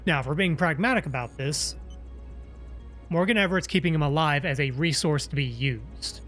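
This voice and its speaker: A man's voice: on the high side, normal speed, a bit bright, faint music behind. A man commenting on his gameplay during a live stream, chatty and musing, with playful asides.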